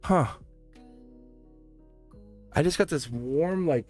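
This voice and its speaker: A man's voice: on the high side, slow, darkish tone, faint music behind. A man hosting a live-stream tarot reading, chatty and laughing often as he answers his live chat. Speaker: tarot reader.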